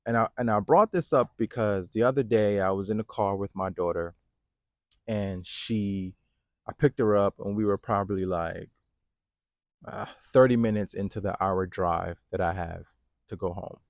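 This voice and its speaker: A man's voice: fairly low pitch, moderate pace, dry recording, clean studio sound. A man in his thirties talking casually about fatherhood, with lots of "like" and "right?". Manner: conversational, many fillers like "right?" and "like". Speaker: fatherhood coach. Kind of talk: casual talking-to-camera advice.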